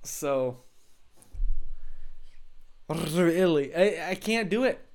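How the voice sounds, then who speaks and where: A man's voice: on the high side, expressive, unhurried. A young man live streaming from his room, chatting casually with his viewers in a rambling, self-deprecating way and laughing often. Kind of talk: casual chat with live chat readers.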